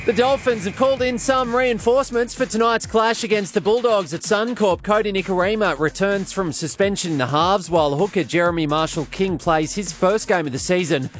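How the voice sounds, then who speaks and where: Upbeat Australian radio newsreader, high voice. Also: male voice. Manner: brisk, upbeat bulletin delivery. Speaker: breakfast radio co-host. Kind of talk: radio news and weather read.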